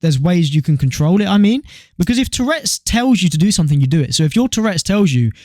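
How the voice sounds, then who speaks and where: A young man with a British accent co-hosting a podcast and telling stories in lively casual chat, swearing freely. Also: high-pitched, fast talker, no echo, clean studio sound. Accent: British English. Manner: animated storyteller, swears freely. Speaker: podcast co-host.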